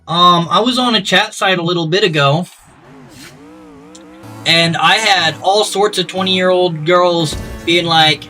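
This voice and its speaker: A man in his thirties talks off the cuff with a high, sharp-edged voice, blunt and swearing freely as he rambles. He sits a little back from the mic, with soft music playing behind him. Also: a little slow, recorded from a distance. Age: 30s. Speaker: gaming streamer. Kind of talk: casual off-the-cuff chat. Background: faint music.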